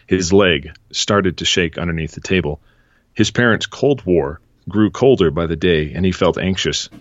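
A deep-voiced man hosting a podcast, chatting and reading a story excerpt at a steady, measured pace. The recording is dry and somewhat dull in tone. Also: dry recording. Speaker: podcast host. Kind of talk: casual chat and reading aloud.

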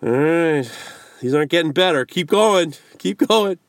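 Male co-host, casual banter, keeps groaning and repeating himself, animated delivery, dry room. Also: fairly high pitch, measured pace, dry recording. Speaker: podcast co-host. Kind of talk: casual banter reading listener jokes.

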